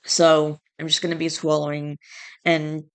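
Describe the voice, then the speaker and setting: A woman's voice: low-pitched, monotone, unhurried, clean tone. A woman vlogging in a casual chat, stressed and tired, fighting back yawns and restarting her sentences as she rambles.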